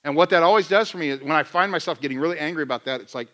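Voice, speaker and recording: A man in middle age preaches to his church in a loose, chatty sermon style. His voice sits a little high and rings bright and forceful. He slips into playful re-enactments of his own griping to make a point. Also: racing, few pauses. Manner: conversational, self-deprecating, acts out his own rants. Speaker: pastor.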